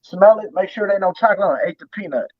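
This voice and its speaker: Animated storytelling man on a dull stream. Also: sits high, very fast, no room sound. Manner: animated storytelling, slangy and profane, acts out quoted voices. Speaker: host. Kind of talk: casual chat.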